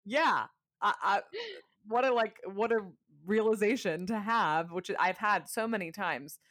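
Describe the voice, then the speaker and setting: A woman podcast host chatting casually with a guest, candid and self-deprecating, often halting mid-thought. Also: mid-range voice, fairly bright tone, no room sound, studio quality. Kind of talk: casual interview chat.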